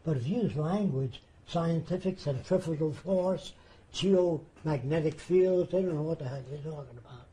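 A man's voice: a little high, normal speed, mellow, rough recording. An older man telling a story in an interview, plain-spoken, acting out the people he quotes.

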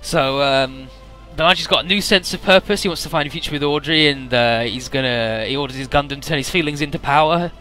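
Bright-voiced casual game commentator, man. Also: a little high, a little fast, hardly any pauses, faint music behind. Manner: loose, irreverent retelling full of swearing and filler words. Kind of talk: casual let's-play story recap.

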